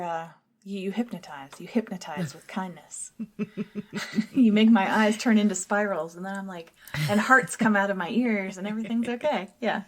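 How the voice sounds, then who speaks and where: A woman's voice: mid-range voice, normal speed. A young woman co-hosting a podcast in casual chat, rambling and self-deprecating, laughing often. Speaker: podcast co-host.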